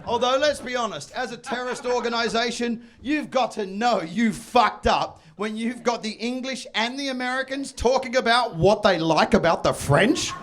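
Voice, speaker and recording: A man with an Australian accent performing a loud, profane stand-up comedy set. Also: very high voice, moderate pace, hardly any pauses. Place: comedy venue under a pub.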